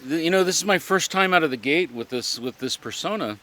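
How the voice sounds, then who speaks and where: Guy talking about reenacting, earnest and halting, bright forceful voice, faint hiss behind. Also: fairly high pitch, lively intonation. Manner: earnest, halting, searching for words. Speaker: living history reenactor. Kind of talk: reflective interview talk.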